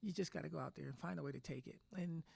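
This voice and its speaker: A woman's voice: low-pitched, rapid-fire, creaky, warm tone, breathy edge, dry recording. A middle-aged woman head coach answering press conference questions with emphatic, restarting speech. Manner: emotional, repetitive restarts, emphatic.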